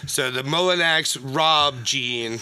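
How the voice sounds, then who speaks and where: Male guest from Tulsa, bright tone, rambling laughing anecdote teller. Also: medium pitch, takes it slowly, clean tone. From Tulsa, Oklahoma. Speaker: guest musician and sound man. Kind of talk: casual podcast chat.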